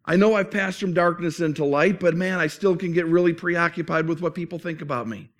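A man's voice: on the high side, a little fast. A man preaching a sermon as pastor, earnest and conversational, often restarting phrases.

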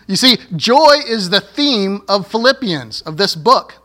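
A man's voice: high-pitched, sharp tone. A male pastor preaching a sermon, with joking asides and laughing at his own slips.

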